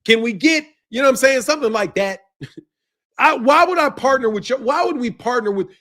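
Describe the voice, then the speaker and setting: A man from the United States ranting without a script as a boxing channel commentator, loud and profane, laughing between lines. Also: very high voice, lively intonation, normal speed. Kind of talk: unscripted profane rant.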